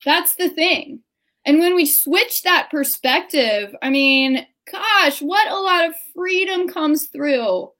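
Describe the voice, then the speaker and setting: High-voiced earnest woman co-host. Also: animated, slow, a bit bright. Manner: earnest, emphatic. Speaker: podcast co-host. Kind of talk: casual chat.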